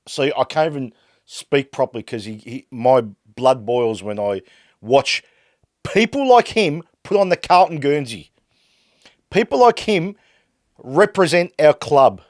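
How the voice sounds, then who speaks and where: Australian male podcast host, exasperated sports-fan rant, mid-pitched, dry recording. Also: no echo. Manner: fired-up, exasperated ranting that swings loud and quiet. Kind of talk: ranting fan commentary.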